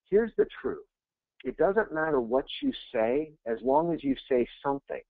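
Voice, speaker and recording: Male sales coach, webinar, upper-leaning pitch, brash and conversational. Lo-fi phone-band audio. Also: normal speed, no echo. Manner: energetic, conversational, blunt and self-interrupting. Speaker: real estate sales coach. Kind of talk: webinar presentation.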